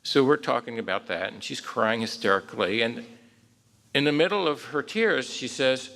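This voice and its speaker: Man, 60s, psychologist speaker; gravelly, mid-pitched, relaxed and wry, chatty lecture delivery. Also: moderate pace. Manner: relaxed storytelling with wry self-deprecating humor; frequent "um" and "uh" fillers. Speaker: psychologist giving a conference talk. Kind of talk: conversational lecture with a clinical story.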